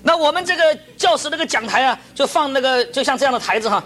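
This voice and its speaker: High, bright, rapid-fire storytelling man. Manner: animated and laughing, acts out scenes. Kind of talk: storytelling testimony with interpreter.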